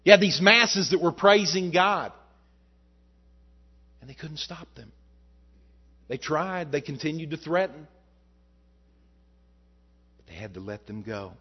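A male pastor preaching a sermon, asking the congregation rhetorical questions and swinging between loud and soft. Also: animated, measured pace, long pauses, breathy edge, dull audio. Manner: rises and falls in pitch and loudness, rhetorical questions.

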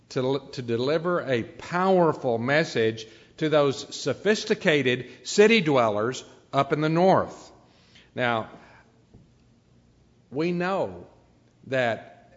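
Male preacher, mid-range pitch, halting then emphatic delivery, muffled recording in a reverberant hall. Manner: unscripted delivery with frequent "uh" pauses, building to emphatic peaks. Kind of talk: sermon.

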